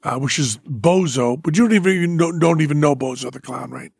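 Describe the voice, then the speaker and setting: Teasing older man with a husky voice. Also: a little high, fast talker, no echo, clean studio sound. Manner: rambling, teasing. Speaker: podcast host. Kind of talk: casual chat.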